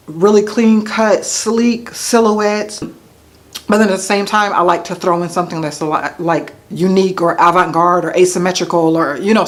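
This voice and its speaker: A woman in her thirties from the United States chatting casually to camera, answering questions with self-mocking asides to viewers. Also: fairly low pitch. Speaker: vlogger. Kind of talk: casual to-camera Q&A tag video.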